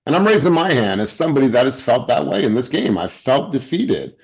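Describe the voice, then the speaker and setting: A man's voice: medium pitch, big pitch swings, brisk. A man hosting a motivational group video call, encouraging and upbeat in a pep-talk way.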